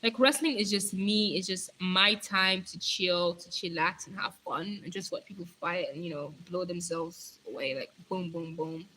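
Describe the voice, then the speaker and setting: A young woman chatting casually on her live stream, rambling playfully and answering viewer comments, her voice going hoarse. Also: fairly low pitch, moderate pace, few pauses, sharp tone, slight background noise, poor audio.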